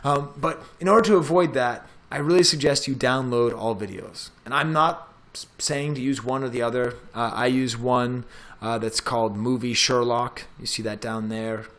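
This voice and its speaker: A man's voice: medium pitch, normal speed, hardly any pauses, fairly bright tone. Chatty man demoing slides. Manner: casual, chatty, talks while clicking through steps. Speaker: professor. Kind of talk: screen-recorded tech tutorial.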